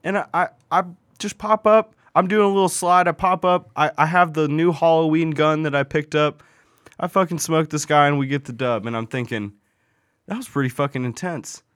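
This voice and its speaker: A man with a fairly high voice tells a video game story in loose, profane podcast banter. He is close to the mic in a dry, dead room, and his telling is animated and full of fillers. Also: moderate pace, dry recording. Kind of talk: casual storytelling chat.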